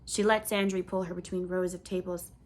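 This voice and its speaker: A woman reading a children's novel aloud in clear, measured storybook narration. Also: fairly low pitch, little pitch movement, darkish tone. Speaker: audiobook reader.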